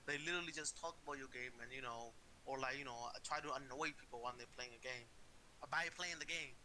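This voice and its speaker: A young man co-hosting a casual online chat, animated and mocking, using lots of slang. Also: mid-range voice, a little fast, low-quality recording. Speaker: co-host reviewing a video. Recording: faint hiss.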